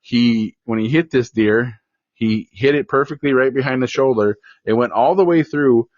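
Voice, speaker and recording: Male podcast host, lively storyteller, medium pitch, dry muffled recording. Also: moderate pace, no echo. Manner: lively storyteller, acts out voices in anecdotes. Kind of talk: casual storytelling chat. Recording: dull, dry lo-fi sound.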